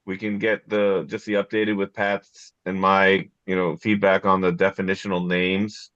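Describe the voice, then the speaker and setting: A very deep, gravelly man leads a town planning meeting, restarting his sentences often. The sound is dull and dry, like a plain meeting-room recording. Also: completely flat delivery, fairly bright tone, dry recording. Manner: halting, repeats words. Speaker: board chair running a meeting. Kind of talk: casual meeting discussion.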